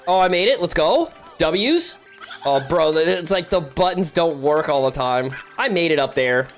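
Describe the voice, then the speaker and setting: A young man giving casual, excitable commentary while playing a multiplayer game with friends, yelping and laughing at his mistakes. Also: normal speed, faint music behind. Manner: excitable, yelps high when frustrated, laughs often. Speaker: gaming YouTuber.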